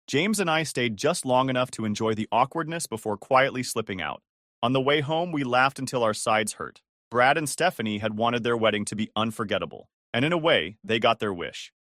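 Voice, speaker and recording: A man narrating a first-person drama story with a gossipy relish. His pitch moves a lot across phrases. The recording is close and dry. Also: a bit bright, no echo.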